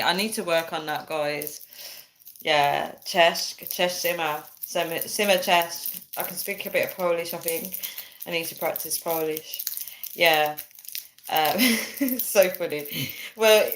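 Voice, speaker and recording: A young woman hosts a casual livestream, chatting with her viewers, reading their comments out loud and laughing a lot. Her voice is fairly low in pitch with a slightly bright quality.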